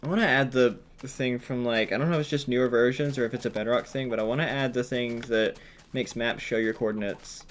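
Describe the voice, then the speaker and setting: A man giving casual gameplay commentary, thinking aloud with lots of ums and sudden excited bursts when an idea strikes. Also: mid-range voice, a little fast.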